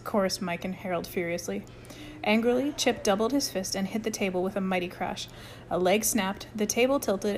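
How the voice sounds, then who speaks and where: A woman's voice: medium pitch, a little hiss or hum. Woman reading a story aloud. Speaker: audiobook reader. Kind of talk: scripted narration.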